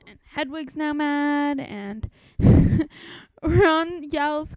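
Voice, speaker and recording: A woman's voice: sits high, slow, a little mellow, dry recording, poor audio. A young woman chatting about a book she is reading, asking nitpicking questions in a casual, quizzical way. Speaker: book commentator. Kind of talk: casual spoken book commentary.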